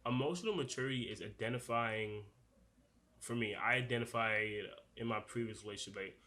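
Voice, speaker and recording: A man's voice: medium pitch, brisk, sharp tone. A young man with a noticeable accent co-hosting a podcast, talking earnestly and loosely with lots of "like" and restarts. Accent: noticeable non-standard accent. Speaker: podcast co-host. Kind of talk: casual podcast discussion.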